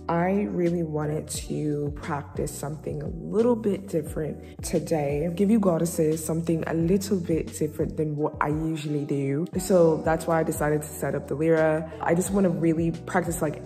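A woman vlogger and pole dancer with a low, mellow voice chats to camera, rambling and leaning heavily on "like." The room is reverberant, with faint music in the background.

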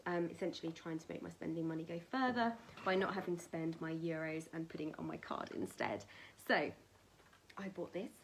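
A woman talks casually to camera, rambling with plenty of ums and dropping into soft whispers now and then. Her voice sits a little low. A faint background hiss runs under the recording. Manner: chatty and rambling, with many ums, laughs and soft whispered asides. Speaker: vlogger showing a merchandise haul.

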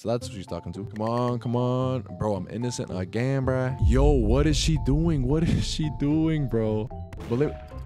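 A man, a gaming YouTuber, giving excitable, slangy play-by-play commentary while playing an online game. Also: fairly low pitch. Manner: excitable, slangy, keeps saying "bro". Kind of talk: casual gameplay commentary.

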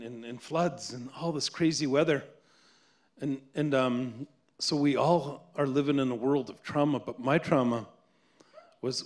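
A man's voice: medium pitch, a little mellow. A Canadian man talking earnestly at a public event, often repeating words as he reflects. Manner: earnest, repeats words while searching for them. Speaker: author and guest speaker.

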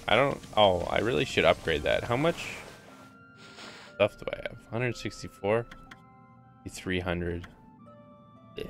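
A man's voice: low-pitched, lively intonation, measured pace, gravelly, pauses often, soft background music. A man casually commenting on his live playthrough of a video game, rambling and chatty, often reading the game's lines aloud. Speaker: gaming streamer.

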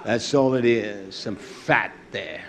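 A middle-aged man preaches slowly, delivering a fiery, blunt sermon. He jumps between shouted lines and low mutters.

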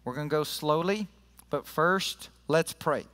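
A man's voice: a little high, a little slow, fairly bright tone, long reverb tail. A man preaching a sermon to his church in an earnest, conversational way, leading prayer and scripture reading. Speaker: pastor. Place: church sanctuary.

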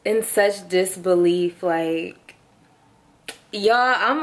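A young woman in her twenties talks to her vlog audience from home in an unhurried, unrushed way. Her tone is heartfelt and slangy, and she speaks straight to the people watching. Her voice sits at an ordinary middle pitch. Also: fairly even intonation. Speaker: vlogger. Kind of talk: casual vlog talk to camera.

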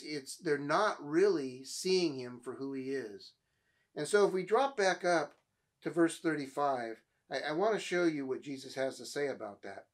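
A man preaching as pastor, reading scripture aloud and then explaining it in a conversational way, often repeating words as he restarts. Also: mid-range voice. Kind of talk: sermon.

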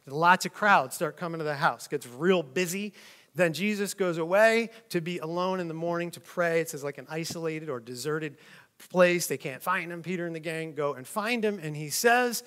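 A man teaching from the Bible in a relaxed, conversational way. He reads passages aloud and then explains them informally. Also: a little high, moderate pace. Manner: conversational, with frequent "like" and "kinda". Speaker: preacher.

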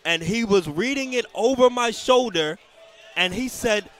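A man commentating on a tournament stream, telling stories in an animated, exclaiming way. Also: high voice, a little slow. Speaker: esports commentator. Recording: music behind commentary. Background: music.

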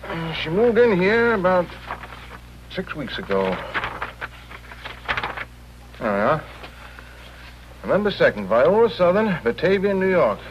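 Cynical hotel clerk, lively voice, dull old recording. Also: male voice, high-pitched, moderate pace, long pauses. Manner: dismissive, wisecracking. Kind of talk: 1950s TV drama acting. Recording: dull 1950s TV audio with faint hiss.

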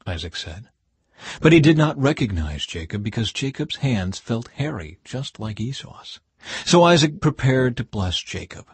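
A man reading scripture aloud in a measured way, his voice falling low at the ends of phrases. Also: lively intonation, slightly rough, no echo. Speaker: Bible reader.

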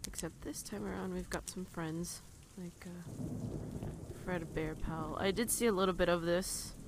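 A woman's voice: on the low side, steady tone, unhurried, noisy background. A young woman giving commentary while she plays a horror game, nervous and jumpy, with bursts of laughter and swearing when something frightens her. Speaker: let's play gamer.

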